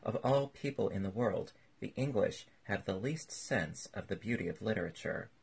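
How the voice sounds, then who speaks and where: A man plays a witty, languid aristocrat who drawls out his clever lines in a low, gravelly, very husky voice, like a classic storybook reading. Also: lively intonation, normal speed, heavily acted. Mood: urbane.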